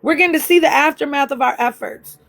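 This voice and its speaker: A woman's voice: high-pitched, quick pace, creaky, fairly bright tone. A woman hosting a livestream, talking bluntly and profanely in a fired-up rant. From US Midwest, near Chicago. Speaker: livestream host. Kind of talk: heated casual livestream rant.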